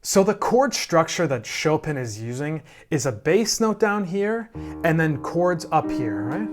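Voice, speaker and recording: Patient male piano instructor, slow and steady, talks at the piano between played passages. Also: on the high side. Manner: calm, slow explaining with frequent "right?" checks. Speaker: piano teacher. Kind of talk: piano lesson explanation. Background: piano playing.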